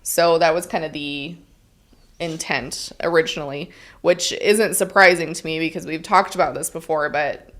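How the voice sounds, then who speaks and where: A woman's voice: deep voice, fairly even intonation, normal speed, fairly bright tone. A woman co-hosting a podcast in casual chat, reading from an article with frequent ums and likes. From Utah, United States. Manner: chatty, frequent "um" and "like". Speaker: podcast co-host.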